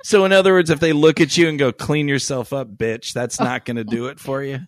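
Brief: man co-host, crude banter, very lively pitch, dry close mic. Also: fast talker, no echo. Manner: crude, joking, expressive swings in pitch. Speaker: podcast co-host.

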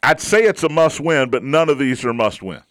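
A man's voice: mid-range voice, lively intonation, moderate pace, fairly bright tone, no echo, studio quality. A man hosting a sports talk show, chatting in an opinionated way and repeating his points for emphasis. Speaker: sports radio host.

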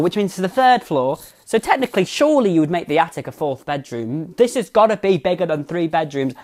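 A young woman hosting a casual podcast, recapping a TV episode in a chatty, sarcastic way, swearing freely and wandering onto tangents. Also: deep voice. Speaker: podcast host.

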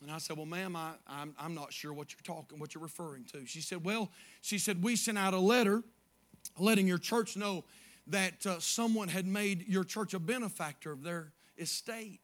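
A man preaching a sermon as pastor, moving from quiet storytelling to shouted praise. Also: sits high, steady tone, moderate pace.

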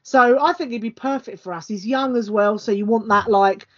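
A woman's voice: on the high side, normal speed, lo-fi sound. A woman co-hosting a casual football podcast, speaking in an articulate, chatty way. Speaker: podcast co-host. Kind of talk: casual chat.

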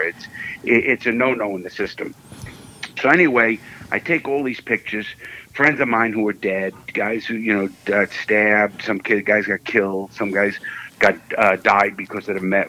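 A middle-aged man tells his stories bluntly and in a streetwise way, often doubling up words as he rushes ahead. His voice sits low. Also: a little hiss or hum, poor audio. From New Jersey. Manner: blunt, streetwise, repeats words when excited. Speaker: guest speaker. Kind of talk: casual storytelling interview.

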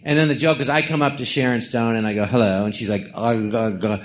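A man's voice: mid-range voice, fast talker. A middle-aged man telling rambling stories on a live podcast, slipping into quoted voices between laughs. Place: theatre stage before an audience.

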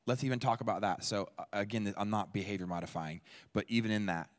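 A man's voice: on the low side, quick pace. A man giving an interactive teaching talk at a church, speaking conversationally and repeating answers from the audience. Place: church hall. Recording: long hall reverb.

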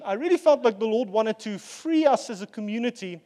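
A man preaching a sermon as pastor, earnest and relaxed, with fillers and asides. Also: high-pitched, a little fast, in a large hall.

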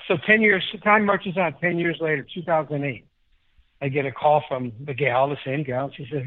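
Older man from Chicago, interview guest; slightly raised pitch, rambling anecdotes, heard through a thin phone-style line. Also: normal speed, narrow, tinny audio. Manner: animated, rambling anecdotes with many restarts. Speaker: guest musician. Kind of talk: casual interview storytelling.

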